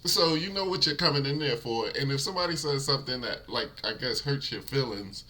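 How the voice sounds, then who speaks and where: A man's voice: medium pitch, animated, brisk, sharp tone, low-quality recording. A man hosting a reaction video, giving laid-back commentary straight to his viewers with frequent chuckles.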